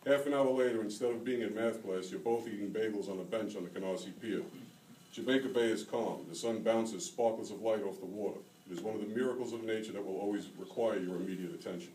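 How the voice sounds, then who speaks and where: A man reading aloud from his own second-person memoir novel at a graduate reading, in a steady, measured way. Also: lowish voice, a little hiss or hum. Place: reading event hall. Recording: roomy hall, taken from far off.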